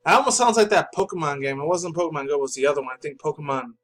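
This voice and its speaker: A man's voice: a little high, racing, a bit bright, poor audio. A young adult man hosting a pop culture channel, rambling through news articles in a loose, casual way with lots of fillers and swearing.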